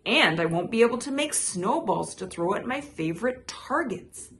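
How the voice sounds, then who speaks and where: A woman's voice: medium pitch, lively intonation, moderate pace, a bit bright, pitched above the performer's own voice. A woman voicing a grumpy, complaining male rabbit in a read-aloud picture book, in a grumbling manner. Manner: grumbling, gloomy.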